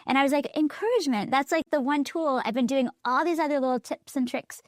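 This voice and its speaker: A middle-aged woman co-hosting a parenting chat, animated and laughing often as she tells stories. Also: high-pitched, quick pace, dry recording, studio quality. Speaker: podcast co-host. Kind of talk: casual chat.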